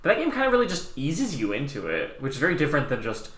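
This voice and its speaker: Animated young man, bright echoey voice. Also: on the high side. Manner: animated, swearing, quick quoted voices. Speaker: podcast co-host. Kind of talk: casual chat.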